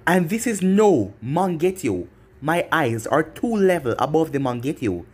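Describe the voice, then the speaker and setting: A man's voice: on the high side, very animated, unhurried, slightly rough, exaggerated voice. A man doing a smug cocky young ninja. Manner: smug, taunting. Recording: faint music behind.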